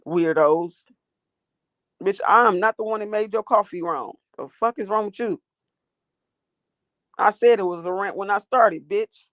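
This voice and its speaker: Talking a little slowly with long pauses, this livestream host has a medium-pitched, slightly bright voice. She's ranting at her chat from her phone in a sassy, combative, foul-mouthed way, recorded with no room sound.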